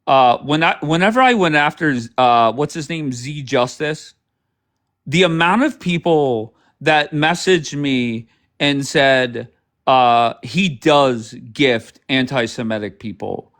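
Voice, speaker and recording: A man's voice: medium pitch, slow, fairly bright tone. A man hosting a livestream, ranting sarcastically over clips with plenty of swearing. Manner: sarcastic, profane, heated. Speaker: livestream host.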